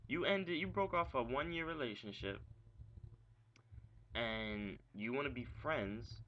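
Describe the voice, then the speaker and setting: A young man venting angrily about his ex-girlfriend in a profane, rambling vlog rant, full of "like" and rhetorical questions. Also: medium pitch. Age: young adult. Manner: agitated, profane ranting with frequent "like". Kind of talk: ranting vlog monologue. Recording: dull lo-fi webcam audio with faint hiss.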